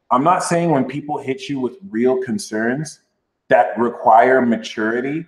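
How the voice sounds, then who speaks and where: A man hosting a casual astrology livestream, talking loosely and playfully. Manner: animated, jumps into high sassy mock voices. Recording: roomy echo.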